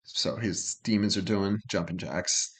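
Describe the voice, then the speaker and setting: A man's voice: low-pitched, steady tone, a little slow, a bit bright, slightly rough. A man co-hosting a reaction channel, breaking down song lyrics in a loose, chatty way and swearing freely. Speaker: co-host of a music reaction channel.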